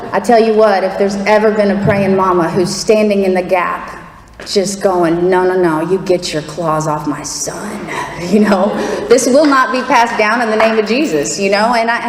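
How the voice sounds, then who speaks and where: A middle-aged woman giving a candid, laughing, fervent personal testimony to an audience. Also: fairly high pitch. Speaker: testimony speaker. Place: large hall before an audience. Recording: echoey hall with faint crowd and noise.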